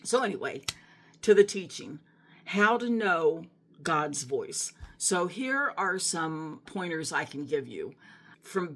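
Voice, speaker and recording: A woman's voice: deep voice, a bit bright. A middle-aged woman telling a personal faith story to her viewers in an earnest, emotional way, often restarting her sentences. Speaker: Christian vlogger. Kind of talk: personal testimony talk to camera.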